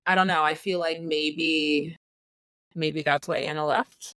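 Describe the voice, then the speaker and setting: A woman guesting on a podcast, giving opinionated takes on a film with quick bursts and sudden pitch jumps. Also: steady tone, a bit bright, no echo. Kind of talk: casual film discussion.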